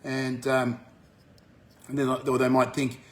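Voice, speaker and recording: An Australian man talking bluntly to his viewers, swearing often and jumping up in pitch when he gets fired up. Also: completely flat delivery, slow. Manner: forceful, swears freely, rises sharply when fired up. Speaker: vlogger. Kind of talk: blunt monologue to camera.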